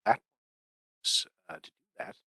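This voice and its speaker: A man's voice: measured pace, pushed and bright, dry recording, poor audio. A man hosting a webinar, reading out audience questions in a friendly manner over a video call. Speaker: moderator.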